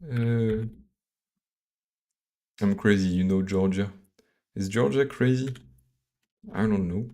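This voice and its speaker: A man from Belgium with a French accent, live-coding on a stream and thinking aloud in a halting, mumbling way full of fillers and restarts. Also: fairly low pitch, steady tone, dark tone.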